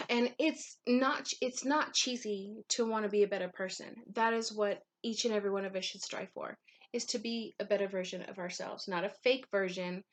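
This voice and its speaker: A woman's voice: medium pitch, fairly bright tone. Candid rambling woman vlogging. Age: adult mother of young children. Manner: candid, rambling, with frequent ums and casual swearing. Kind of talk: confessional vlog monologue.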